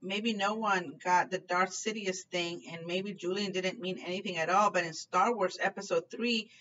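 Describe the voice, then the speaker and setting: Bright-voiced woman reading aloud. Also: fairly low pitch, fairly even intonation, normal speed. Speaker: book reader. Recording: distant dull lo-fi recording, faint noise.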